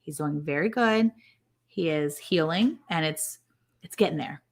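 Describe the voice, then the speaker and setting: Lowish-voiced woman, rambling ranch-stream co-host in casual chat. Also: measured pace. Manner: chatty, rambling storyteller.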